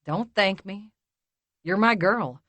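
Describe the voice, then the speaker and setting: A woman reads a protective young man in a calm, smooth drawl. His words come slow and soothing, like someone talking a frightened partner through a crisis. The sound is dry and close, with no room around it. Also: mid-range voice, no echo.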